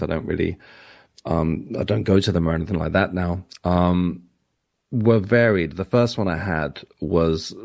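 An English author, a guest on a radio show, speaks in a low, gravelly voice with a darkish tone. His interview answers ramble and turn reflective, full of restarts and self-corrections.

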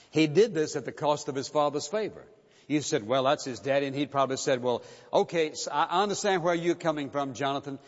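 A man preaching a sermon, reading scripture aloud and pressing his listeners with questions. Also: a little high. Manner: expository preaching, reads scripture then challenges hearers. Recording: dull sound with long reverb of a hall.

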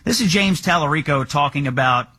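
A man's voice: on the high side, animated, a little fast, sharp tone, husky. A man hosting a political talk show, asking pointed, incredulous questions. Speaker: host.

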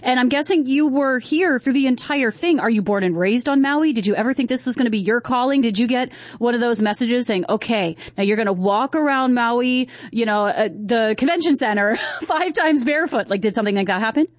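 A woman hosting an interview in a casual chat, bubbly and quick to react. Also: a little high, no echo, clean studio sound. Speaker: host.

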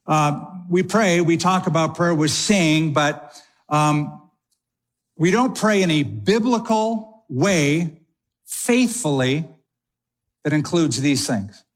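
A male pastor preaching a sermon in a conversational way, with quick asides and slowed emphasis. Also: fairly high pitch.

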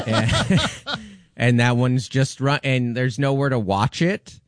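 A man's voice: medium pitch, lively intonation, no room sound, studio quality. A man in his forties, co-hosting a radio show, telling wry, self-deprecating stories in casual chat. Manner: wry, self-deprecating joking with quick asides.

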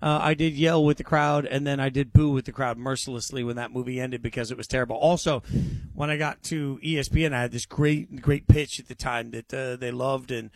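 A man's voice: brisk, no room sound. A man in his forties, a sports radio host, talking casually and enthusiastically about movie outings in a studio. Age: 40s. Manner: excitable, enthusiastic pitching. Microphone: studio mic.

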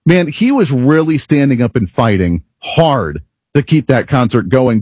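Man, radio talk show host, husky voice, dry studio sound, opinionated monologue. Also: mid-range voice, no echo. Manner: opinionated, rhetorical, animated.

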